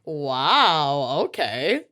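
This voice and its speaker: An animated woman, co-hosting a casual podcast and laughing often at herself. Her pitch swings widely, and she talks at an unhurried pace. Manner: animated, laughing, self-mocking. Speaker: podcast co-host. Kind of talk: casual chat.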